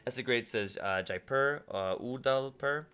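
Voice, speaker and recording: A man's voice: mid-range voice, animated, takes it slowly, a bit bright, clean tone. A man hosting a casual gaming livestream, reading viewer chat messages aloud and chatting back. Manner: reads viewer chat aloud and replies conversationally. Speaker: livestream host.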